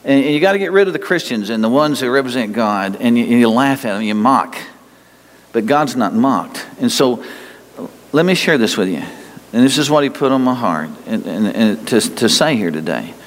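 A man in the middle pitch range preaching with folksy emphasis, stretching key phrases slowly and circling back to repeat them. His voice rings out with a long reverb tail, as in a large hall. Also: lively intonation. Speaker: pastor. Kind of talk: sermon.

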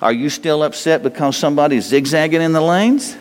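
Man preaching in a reverberant hall. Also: on the high side. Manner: conversational preaching, voices God's replies in a slow gentle tone. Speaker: pastor. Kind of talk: sermon. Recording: long reverb of a large hall.

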